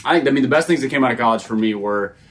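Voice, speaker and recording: A man's voice: medium pitch, rapid-fire, a bit bright. A man co-hosting a casual podcast chat. He is self-deprecating and stops and restarts his sentences often.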